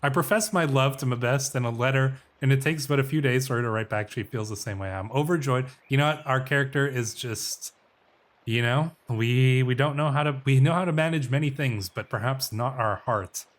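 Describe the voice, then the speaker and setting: A man talks through his strategy game as a role-play, speaking as the ruler he plays. He muses aloud, stops to correct himself, and reads event text in a slightly theatrical voice. His pitch sits in the middle range. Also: brisk. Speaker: game let's player.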